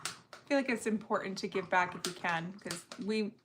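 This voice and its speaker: Woman co-host, earnest and chatty, bright sharp voice, faint hiss behind. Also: medium pitch, normal speed. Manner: earnest, chatty, repeats her point. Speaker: livestream co-host. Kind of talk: casual livestream chat.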